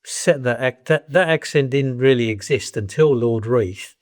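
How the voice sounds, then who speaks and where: An older man speaks with a broad Cockney accent, his voice sitting at an ordinary middle pitch. He tells stories in a blunt, conversational way, often restarting his phrases. He talks as a guest in a relaxed sit-down chat. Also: moderate pace. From East London, England. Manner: blunt, anecdotal, frequent restarts. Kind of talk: casual storytelling conversation.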